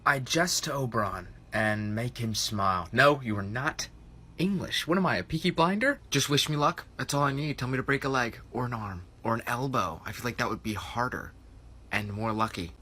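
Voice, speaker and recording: This is a young American man in his twenties doing upbeat, self-mocking TikTok vlog narration in a tiny New York City apartment. He sounds animated and fairly quick, medium-pitched with a sharp, slightly rough edge.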